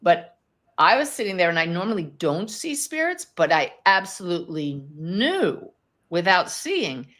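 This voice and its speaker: Podcast host, woman, medium; lower-pitched, warm storytelling energy, chatty, laughs easily. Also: big pitch swings, unhurried. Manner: enthusiastic, chatty, laughs often. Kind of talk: live Q&A podcast, teaching and storytelling.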